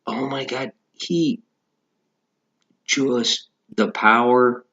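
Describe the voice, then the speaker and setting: A man's voice: mid-range voice, steady tone, extremely slow, pushed and bright, dull audio. A man in a casual, profane, rambling rant about music, talking as a podcast host.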